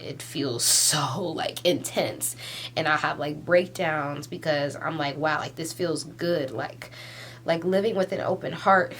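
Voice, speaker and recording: A tearful young woman in her twenties talks to her camera at home, her voice sitting on the low side. She rambles in a loose stream of consciousness, padding nearly every phrase with "like." A faint hum lingers under her words. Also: fairly bright tone. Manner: rambling, heavy use of "like", tearful laughs. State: crying. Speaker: vlogger. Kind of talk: emotional confessional vlog. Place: at home doing a face mask.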